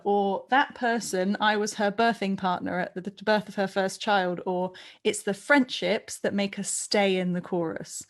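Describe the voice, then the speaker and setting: A woman coaching a barbershop chorus over a video call, talking through expression line by line and singing short example phrases. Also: medium pitch. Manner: warm, encouraging, sings and speaks example lines. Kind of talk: online singing workshop.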